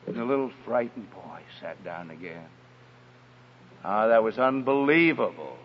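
A man's voice: lowish voice, animated, measured pace, slightly rough. A man telling a personal story in an emphatic sermon style and speaking straight to the parents in his audience. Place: hall with an audience. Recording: echoey hall, dull lo-fi sound.

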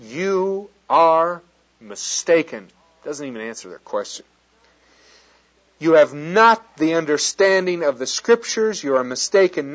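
A man preaching a sermon, reading scripture aloud and breaking off with excited asides and jokes. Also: a little high. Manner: animated, quoting scripture and joking with the audience. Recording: dull lo-fi sound.

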